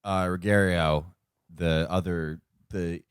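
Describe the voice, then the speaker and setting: A man riffing in casual podcast banter, jokey and animated, slipping into mocking voices. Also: deep voice, slow, smooth, no echo, clean studio sound. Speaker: podcast co-host.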